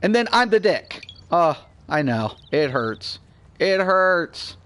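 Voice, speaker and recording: A man in his forties with a high-pitched voice rants bluntly and heatedly about a game, swearing freely. He drifts between low, muttered grumbling and loud, excited bursts, talking casually like a streamer mid-session. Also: slow, smooth. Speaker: gaming channel host. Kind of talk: casual gameplay rant.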